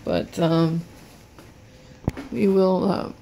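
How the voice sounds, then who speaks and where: Slow gravelly woman, hesitant and anxious. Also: on the low side, fairly even intonation, background noise. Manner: hesitant, halting, many fillers and restarts. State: anxious and in pain, hand shaking. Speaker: vlogger. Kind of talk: casual unboxing vlog. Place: home, indoors.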